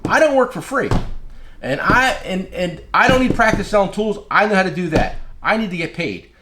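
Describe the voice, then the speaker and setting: A brash man talks in a high, lively voice with big swings in pitch, telling fellow dealers plainly how to get paid. He keeps hammering his points home with repeated phrases. A steady noise hangs under the recording. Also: fairly quick. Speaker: independent tool dealer. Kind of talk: casual advice talk.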